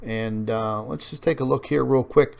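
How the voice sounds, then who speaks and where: A man's voice: medium pitch, moderate pace, creaky, darkish tone. A man hosting an online show, talking viewers through on-screen maps in a rambling way with many fillers, and addressing them as folks. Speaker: online news show host. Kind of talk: casual commentary over on-screen maps.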